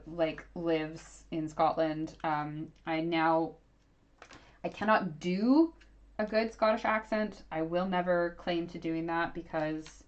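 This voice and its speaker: Chatty woman, slightly low, dull audio. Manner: chatty, rambling, frequent fillers and self-corrections. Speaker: archaeologist YouTuber hosting a livestream. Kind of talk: casual livestream Q&A chat. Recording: dull lo-fi sound.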